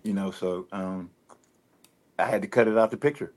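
A man with a Detroit accent, guest on a radio interview, talking in a relaxed, rambling way full of fillers and restarts. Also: low-pitched, normal speed. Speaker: rapper guest. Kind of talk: casual interview talk.

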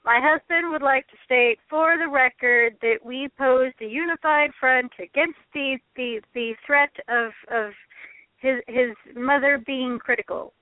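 A woman's voice: sits high, a little slow, no room sound. A married woman chatting casually as a podcast co-host, with a wry, teasing manner. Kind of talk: casual chat. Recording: tinny phone-line audio, dry.

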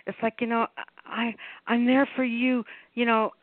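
A woman's voice: on the high side, level tone, normal speed, dry recording. A woman hosting a call-in poetry radio show, affectionate and rambling, with lots of restarts. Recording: tinny phone line.

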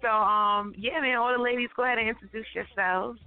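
A woman's voice: a little high, steady tone, brisk, no echo. Casual woman hosting over a phone line. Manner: casual, loose, many fillers. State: deep morning voice after a late night. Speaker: host. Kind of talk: call-in internet radio talk. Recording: tinny phone line with faint music.

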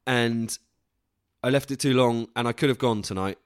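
A man's voice: medium pitch, normal speed, clear, resonant tone, dry recording, clean studio sound. Rambling podcast host, self-deprecating man. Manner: rambling and self-deprecating, with frequent restarts and casual swearing. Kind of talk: casual solo podcast monologue.

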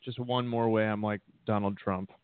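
A man co-hosting a casual comedic chat, tossing in short deadpan one-liners. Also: fairly low pitch, normal speed, clear, resonant tone, dry recording. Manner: dry deadpan quips. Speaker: podcast co-host. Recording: dry, tinny phone-like sound.

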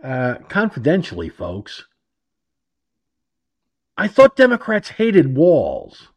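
A man's voice: on the high side, huge pitch swings, takes it slowly. A man hosting an internet radio show, delivering a sarcastic, rambling political monologue and repeating himself.

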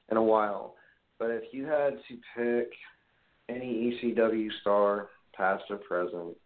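A man from Brooklyn with a New York accent, hosting a casual call-in interview and telling rambling, profanity-laced stories. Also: lowish voice. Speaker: podcast host. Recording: tinny phone-line sound, faint noise.

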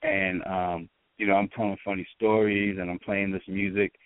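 A man's voice: low voice, moderate pace, dry recording. Man with a Boston accent on a tinny line. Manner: relaxed, rambling, frequent restarts. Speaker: guest, radio show host. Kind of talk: casual interview chat.

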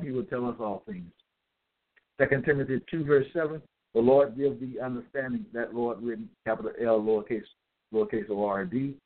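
A man delivering a scripture-citing monologue, reading out verse references and pausing to ask "okay?" as he goes. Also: medium pitch. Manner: deliberate, checks in with "okay?"; spells out capitals, hesitant fillers. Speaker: self-styled religious teacher. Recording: tinny phone-like audio.

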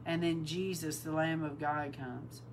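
A woman preaching an informal sermon, calling her listeners bride and repeating words for emphasis, sometimes breaking into loud exclaims. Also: low-pitched, little pitch movement, unhurried, a little hiss or hum, poor audio.

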